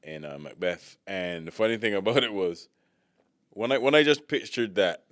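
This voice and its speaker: A man from the Caribbean co-hosting a podcast, telling stories in a casual, animated way with frequent restarts. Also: on the low side, moderate pace, no echo, clean studio sound. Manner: animated storyteller, hesitant restarts. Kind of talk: casual chat.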